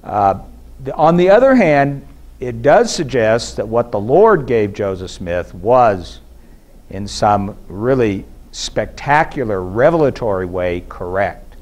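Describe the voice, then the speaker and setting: A man giving a measured, explanatory academic lecture at a conference, pausing now and then with fillers and restarts. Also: fairly low pitch, big pitch swings, a little mellow. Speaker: scholar giving a conference presentation. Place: conference hall.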